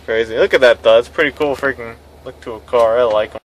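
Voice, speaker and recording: A man's voice: medium pitch, fast, poor audio. A tow truck driver talking casually as he drives, with a griping, sarcastic running commentary. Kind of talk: casual vlog chat while driving.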